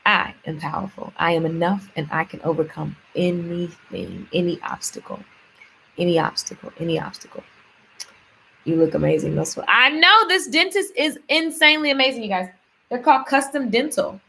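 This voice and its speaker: A woman's voice: mid-range voice, sing-song, normal speed, vocal fry, pushed and bright, a little hiss or hum. An upbeat, chatty woman speaking straight to her viewers in a casual vlog. She runs through affirmations and everyday stories, and often says a word several times over for emphasis. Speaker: vlogger.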